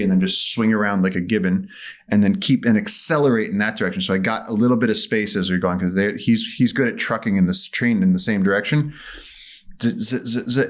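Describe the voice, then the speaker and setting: Podcast guest, male, lower voice, animated storyteller. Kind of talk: conversational storytelling.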